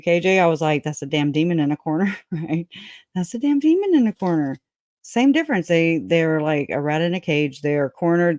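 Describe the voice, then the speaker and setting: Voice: mid-range voice, darkish tone, no echo. Chatty livestream host, dry sound. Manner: chatty, laughs often, breaks off to talk to chat; loose, folksy speech with many restarts. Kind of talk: casual livestream commentary, reading aloud.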